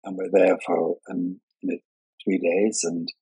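A man's voice: deep voice, level tone, a little slow, vocal fry, warm tone, breathy edge, no room sound, poor audio. Chatty older man telling stories, dry sound. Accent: none, sounds English despite Scottish upbringing. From Scotland. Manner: chatty, self-mocking storyteller, playful asides. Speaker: guest, party and wedding designer. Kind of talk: anecdotal conversation.

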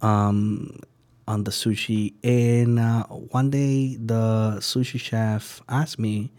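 A man, a sushi chef telling his story as a guest, halting and searching for words and acting out the people he quotes. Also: on the low side, flat delivery, a little mellow, no room sound. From Venezuela. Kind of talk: casual storytelling interview.

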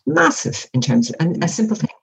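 A woman speaking as an interview guest, giving measured, reflective advice and often acting out example conversations. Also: lowish voice, huge pitch swings, gravelly, background noise. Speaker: workplace wellbeing guest.

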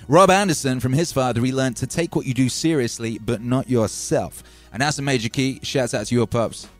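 A man's voice: medium pitch, fairly quick. A man, chatting loosely as a livestream DJ host and reading out viewer messages. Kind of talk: casual livestream chat. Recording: music playing faintly behind.

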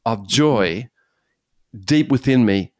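A man, a pastor, giving an earnest, animated personal testimony in conversation. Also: mid-range voice, slow pace, no echo, studio quality. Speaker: pastor and guest speaker.

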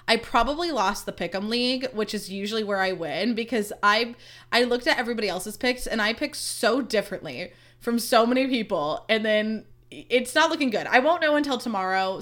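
Woman podcast host, chatty and mock-dramatic, crisp bright tone, mid-pitched. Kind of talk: casual solo chat.

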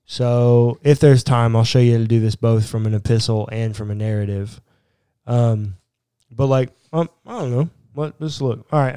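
A man's voice: mid-range voice, warm tone, clean tone, no echo, clean studio sound. A man co-hosting a casual chat about prayer and faith, joking and thinking aloud as he talks. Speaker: podcast co-host.

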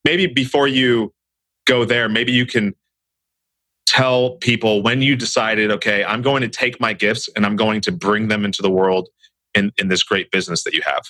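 A man's voice: lowish voice, fairly even intonation, normal speed, sharp tone, dry recording. A man hosting a podcast interview, asking thoughtful questions. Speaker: podcast host.

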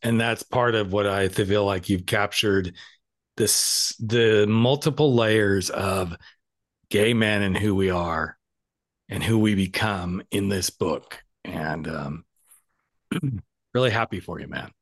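A man hosting a casual interview, playful and jokey, quick to laugh along and affirm his guest. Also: on the low side, no room sound, clean studio sound. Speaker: podcast host.

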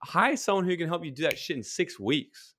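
A man's voice: fairly high pitch, animated, a bit bright. Blunt, emphatic man telling a story. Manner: emphatic, blunt, casual swearing; storytelling with quick asides. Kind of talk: casual podcast chat.

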